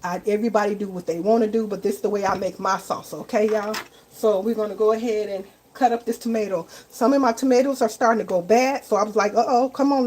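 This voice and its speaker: A woman of medium pitch hosts a casual live cooking stream from her home kitchen, chatting with viewers, calling them "y'all" and tacking "okay" onto her lines. The recording quality is low.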